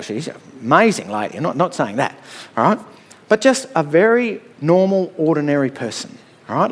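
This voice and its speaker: Man preaching in a higher voice. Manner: conversational and storytelling, with frequent "all right?" asides. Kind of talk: sermon.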